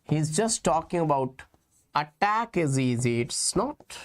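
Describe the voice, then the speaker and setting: A man with an Indian English accent teaching a chemistry lecture, explaining slowly and repeating key points while calling his students kids. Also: a little high, very animated. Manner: slow, repetitive explaining, addressing students as kids. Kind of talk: exam-prep lecture.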